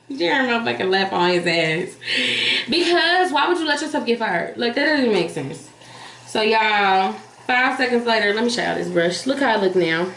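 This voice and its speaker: A woman vlogger telling a story in casual, animated chat, blunt and profane, talking straight to her viewers. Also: fairly high pitch, normal speed. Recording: echoey room with faint hiss.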